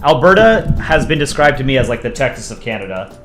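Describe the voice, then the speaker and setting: Male streamer, casual and chatty mid-drawing; echoey room, soft music underneath. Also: mid-range voice, brisk. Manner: relaxed, chatty, thinking aloud while drawing, reads chat requests. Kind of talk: casual live-stream chat while drawing.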